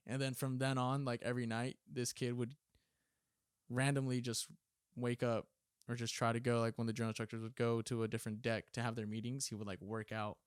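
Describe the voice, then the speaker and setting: A man's voice: mid-range voice, clean tone, no room sound, clean studio sound. A man in his twenties, a former Marine guest, telling profane stories in casual chat, laughing and acting out drill instructors' lines.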